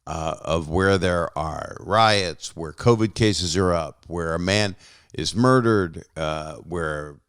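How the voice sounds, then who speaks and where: A man's voice: low voice, slow, a bit bright, clean tone, dry recording, studio quality. A man hosting a podcast in casual chat, wry and joking, often trailing off mid-thought. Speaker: podcast host.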